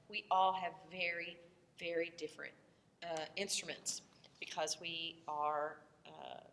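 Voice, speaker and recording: A woman's voice: on the low side, a bit bright, long reverb tail, a little hiss or hum. A woman voice teacher who has a cold, explaining the vocal tract in a loose, conversational lesson and breaking into short vowel demonstrations.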